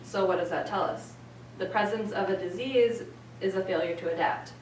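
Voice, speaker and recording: A woman giving an explanatory presentation, steady and explaining with occasional fillers. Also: medium pitch, normal speed, a little hiss or hum. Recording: echoey room from far off.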